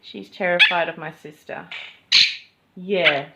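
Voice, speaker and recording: A woman's voice: on the low side, fairly even intonation, slow pace. A woman filming a casual home vlog, chatting and cooing baby talk to her pet birds. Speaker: pet bird owner vlogger. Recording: loud background noise, clicks.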